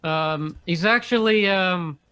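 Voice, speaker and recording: A man's voice: sits high, takes it slowly, bright, forceful tone, clean tone, no room sound. A man co-hosting and running the audio on a podcast, talking hesitantly with many fillers. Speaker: podcast co-host, producer. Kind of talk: casual chat.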